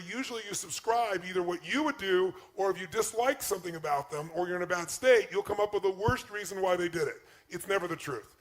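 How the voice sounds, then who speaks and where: High-voiced intense motivational speaker man. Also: a bit bright. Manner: intense, emphatic, acts out quoted speech. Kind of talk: motivational talk.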